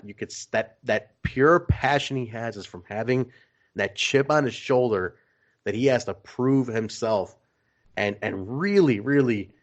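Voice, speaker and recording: A man co-hosting a wrestling podcast in casual chat, telling stories animatedly and laughing as he goes. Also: medium pitch. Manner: animated storyteller, laughs while retelling. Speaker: podcast co-host. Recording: slightly dull lo-fi sound.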